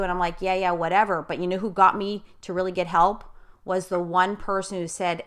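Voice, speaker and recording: A woman's voice: on the low side, fairly even intonation, moderate pace, a bit bright. A middle-aged woman life coach hosting a podcast interview, talking bluntly and effusively.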